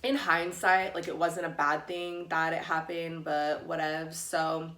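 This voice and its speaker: A woman talking straight to her camera, loose and chatty, her speech full of "like" and casual swearing. Her voice sits a little low, and the room gives it a clear echo. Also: level tone, a little slow, a bit bright. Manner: chatty, peppered with "like", blunt and profane. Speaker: YouTube vlogger.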